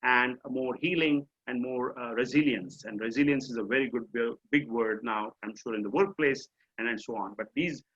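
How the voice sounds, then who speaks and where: A man's voice: medium pitch, moderate pace, hardly any pauses, a bit bright, slightly rough. Middle-aged indian guy explaining things on a video call, lots of uhs, muffled call sound. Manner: conversational, explanatory, frequent fillers. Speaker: mindfulness coach. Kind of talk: online course session. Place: home or office on a video call. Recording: dull lo-fi video call audio.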